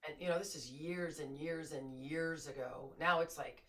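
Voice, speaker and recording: A man interviewing a guest in a relaxed, casual way, with pauses and fillers. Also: fairly high pitch, a crowd in the background. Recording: distant from the mic.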